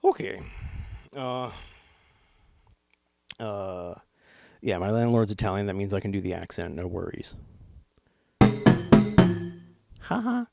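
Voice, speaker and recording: A man's voice: deep voice, fairly even intonation, unhurried, creaky, long pauses, dark tone, dry recording, faint music behind. A man casually walking through a synthesizer demo, rambling and jokey, with the odd swear and silly put-on accents. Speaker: gear reviewer demonstrating a synth. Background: synthesizer tones playing.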